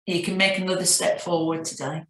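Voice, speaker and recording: A woman's voice: lowish voice, flat delivery, a little fast, echoey room, low-quality recording. Reflective Northern English businesswoman. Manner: reflective, anecdotal, frequent restarts. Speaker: CEO guest. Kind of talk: business interview.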